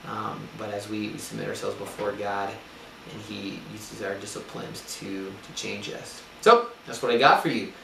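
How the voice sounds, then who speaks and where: An earnest young man delivers a sermon-style talk in a fairly low voice, pausing often on ums. He is heard from some distance in a reverberant room. A faint hiss runs under it. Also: fairly even intonation, gravelly. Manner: earnest, with frequent ums and restarts. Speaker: speaker giving a spiritual talk. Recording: echoey room, distant mic, faint noise.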